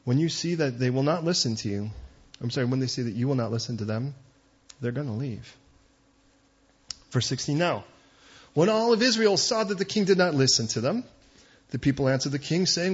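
A man preaching a sermon as pastor, conversational with joking asides and quick digressions. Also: mid-range voice, expressive, breathy edge, dull audio.

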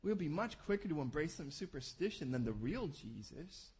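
A man preaching a sermon, animated, acting out scenes with voices. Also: fairly high pitch, moderate pace. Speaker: pastor.

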